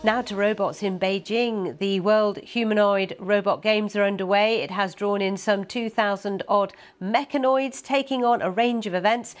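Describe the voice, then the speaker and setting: A woman anchoring a business news bulletin in a measured, crisp delivery. Her voice sits at an ordinary middle pitch, with faint music beneath it. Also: fairly even intonation. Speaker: news presenter. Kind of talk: scripted news presenting.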